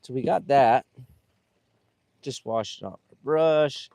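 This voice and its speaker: A man's voice: medium pitch, lively intonation, slow, gravelly, mellow, no room sound. A man who carves wood with a chainsaw, chatting casually on a live stream while he works, rambling and trailing off with lots of fillers.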